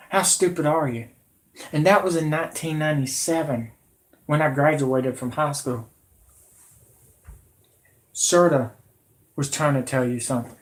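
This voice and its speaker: A man's voice: fairly high pitch, measured pace, long pauses. A man in his late thirties hosting his own channel, delivering a heated, repetitive, confrontational political rant. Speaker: channel host.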